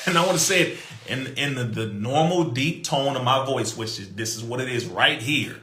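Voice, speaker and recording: A man telling a story in an emphatic, animated way, mimicking other people's voices and laughing between points. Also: mid-range voice, normal speed, echoey room. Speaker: podcast guest.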